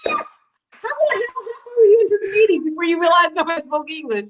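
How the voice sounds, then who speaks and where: A woman hosts a relaxed interview in a high voice, laughing easily and nudging her guest along with questions. The audio is somewhat dull and muffled. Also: fairly quick, slight background noise. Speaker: podcast host, former teacher. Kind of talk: casual interview chat.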